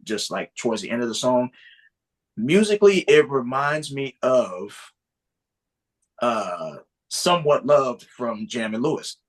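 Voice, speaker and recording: A man's voice: mid-range voice, lively intonation, a little slow. A man co-hosting a casual music podcast, talking in a thoughtful, hesitant way with lots of filler words. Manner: thoughtful, hesitant, full of "like" and "you know". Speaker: podcast co-host.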